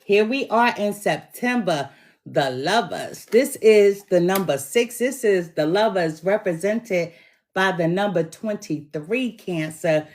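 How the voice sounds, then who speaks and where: A middle-aged woman giving a tarot reading in an emphatic, encouraging way, her voice hoarse from bronchitis. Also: mid-range voice, animated, slow, darkish tone. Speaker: tarot reader.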